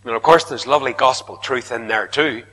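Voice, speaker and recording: A man preaching a sermon, emphatic, his voice rising to loud repeated protests. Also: mid-range voice, brisk. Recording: long hall reverb.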